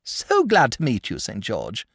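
A man voicing a gentle, nervous and fussy male dragon in a storybook reading, polite and anxious. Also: mid-range voice, huge pitch swings, measured pace, husky, no room sound, clean studio sound, voice pushed up, heavily acted. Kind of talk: audiobook character voice.

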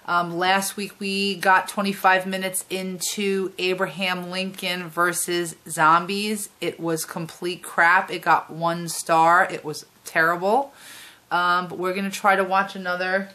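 Slow-talking woman reacting to a movie. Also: lowish voice, level tone, pushed and bright. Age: 30s. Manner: chatty, drawn-out reactions. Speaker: vlogger. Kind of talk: casual movie reaction chat. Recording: movie soundtrack playing behind.

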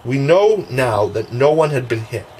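A man's voice: mid-range voice, sing-song, a little slow, a little mellow, a little hiss or hum, poor audio. A man narrating a classic children's novel as an audiobook reader, with occasional stumbles and restarts.

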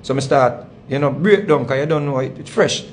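A man's voice: mid-range voice, fairly quick, a little hiss or hum. A man with a Jamaican accent, hosting his channel and telling a long story in a rambling, repetitive way with heavy patois phrasing. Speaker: channel host. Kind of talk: casual storytelling monologue.

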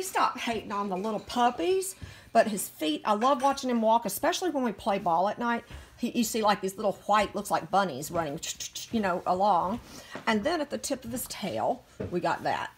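With a medium pitch, lively intonation, and a moderate pace, a middle-aged woman dotes on a puppy. The Virginia, USA dog breeder speaks in gushing baby talk in a casual home video recorded on a phone.

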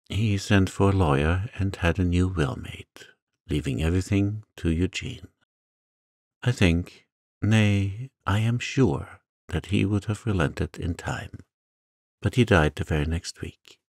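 A man voicing a gentle, sad mother in a storybook reading, speaking softly and with regret. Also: low voice, dry recording, clean studio sound.

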